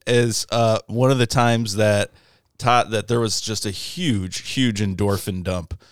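Lively man telling a story on a podcast. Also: lowish voice, a little slow, dry recording, studio quality. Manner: animated storyteller, swearing. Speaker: podcast co-host. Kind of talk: casual chat.

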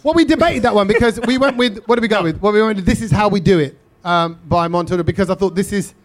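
A man with a fairly high voice hosts a comedy podcast in front of a live theatre audience. He talks into a stage mic and teases the crowd with cheeky banter. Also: quick pace. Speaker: podcast host.

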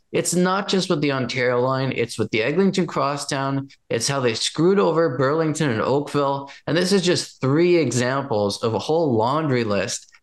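Fired up guy ranting about politics, slightly high voice, piles on examples. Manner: forceful, indignant, drives points with examples. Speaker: guest commentator. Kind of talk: political commentary in conversation.

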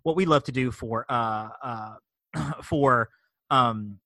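A man's voice: medium pitch, slow, bright, forceful tone, no room sound. A middle-aged man co-hosting a podcast, chatting casually and rambling enthusiastically, with many restarts and fillers. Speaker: podcast co-host. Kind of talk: casual chat.

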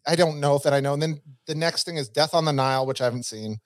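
A man's voice: a little high, fast talker, no echo, studio quality. A man co-hosting a casual chat, rambling and hedging his points as he goes. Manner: rambling, hedging, frequent restarts. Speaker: podcast co-host.

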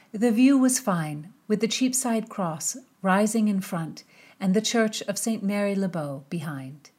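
A woman narrating a historical novel aloud, with measured, expressive storytelling. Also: lowish voice, slightly rough. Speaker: audiobook narrator. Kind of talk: scripted narration with character voices.

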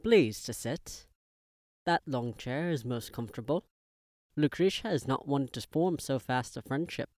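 A man's voice: mid-range voice, darkish tone, dry recording, studio quality, lightly acted. A man playing an ancient, heavily accented old uncle. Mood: unctuous. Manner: heavily accented, halting formal English. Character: ancient grotesque old uncle, lonely, oozing false charm. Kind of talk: audio drama reading.

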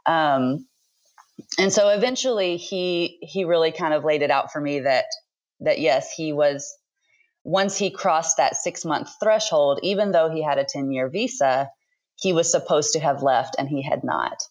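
A woman in her thirties, a book author speaking as a podcast guest, talking thoughtfully with frequent pauses. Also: low-pitched, darkish tone, highs cut off. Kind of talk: conversational interview.

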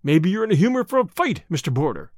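A man's voice: sits high, big pitch swings, fast talker, dry recording, clean studio sound. A man reading a story aloud, voicing a curt, swaggering young man who threatens his rival. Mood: menacing. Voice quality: curt, savage.

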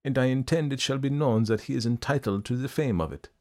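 A man reading aloud and voicing an earnest, persistent older man with gentle concern. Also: medium pitch, quick pace, voice pushed up, close to an everyday voice.

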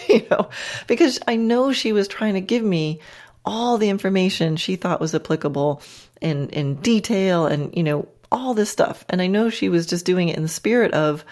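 A woman's voice: fairly low pitch, moderate pace, a little mellow. A woman podcast host and riding instructor telling a casual, chatty story with self-deprecating humor and frequent laughs.

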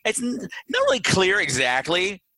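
Enthusiastic guy podcast host, bright voice, dry mic. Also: high-pitched, big pitch swings, normal speed, no room sound. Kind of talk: casual movie discussion.

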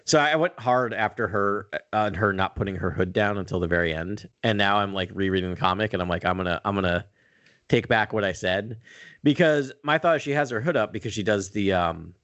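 A man's voice: on the low side, brisk, hardly any pauses, fairly bright tone, no room sound, muffled recording. A man co-hosting a podcast in casual chat, laughing often and restarting his sentences. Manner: self-correcting, repeats words, laughs often. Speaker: podcast co-host.

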